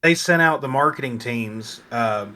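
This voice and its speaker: An easygoing man guests on a casual podcast and rambles through complaints with crude jokes. His voice is bright and forceful, with a plain middle pitch. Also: measured pace. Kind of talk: casual chat.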